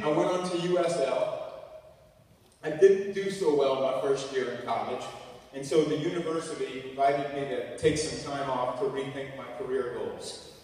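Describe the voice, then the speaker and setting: A man in his forties from Louisiana giving a sermon-like talk and telling a humorous, animated story. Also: mid-range voice. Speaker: guest speaker. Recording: echoey hall from far off.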